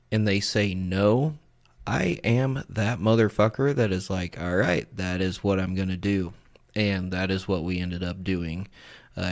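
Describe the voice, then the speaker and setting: A young man hosting a podcast, casually narrating and explaining audio clips, blunt and quick to swear. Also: deep voice.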